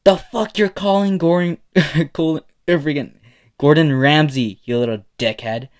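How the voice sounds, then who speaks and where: A man's voice: medium pitch, moderate pace, natural voice. A man voicing a hot-headed, foul-mouthed teenage boy rival who speaks bluntly and sarcastically. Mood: angry.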